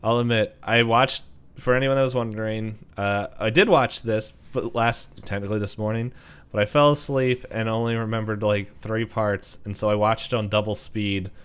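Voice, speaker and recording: A man's voice: lowish voice, steady tone, moderate pace, a bit bright, clean tone. A man co-hosting a podcast, chatting casually and rambling a little as he recaps a movie. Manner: rambling, restarts, chuckles. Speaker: podcast co-host.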